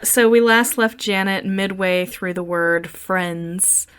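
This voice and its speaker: A woman's voice: mid-range voice, slow, a bit bright, clear, resonant tone. A woman co-hosting a podcast, recapping a film scene in casual, dry, wry chat. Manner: dry, wry storytelling with acted-out quotes. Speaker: podcast co-host.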